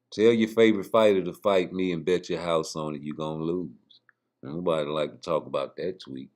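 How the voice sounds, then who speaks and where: A man's voice: a bass voice, a little mellow. A man giving casual, profane, rambling boxing commentary straight to his viewers. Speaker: boxing YouTuber.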